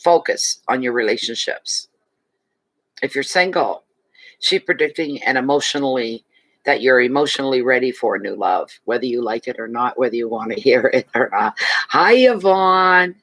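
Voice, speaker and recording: A man's voice: medium pitch, moderate pace, fairly bright tone, dry recording, poor audio. A man giving a casual monthly tarot reading to his viewers, chatty and rambling, with many asides and restarts, tired and yawning. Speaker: tarot reader.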